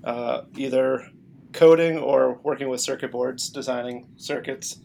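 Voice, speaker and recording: A man's voice: medium pitch, fairly even intonation, measured pace, creaky, warm tone. A man as a podcast guest, rambling casually with lots of fillers. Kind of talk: casual chat.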